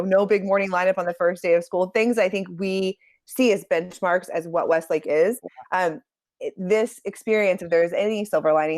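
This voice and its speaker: Earnest woman, low voice, dry sound. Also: no room sound. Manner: earnest, heartfelt, thoughtful. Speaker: school staff member. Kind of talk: casual online community talk.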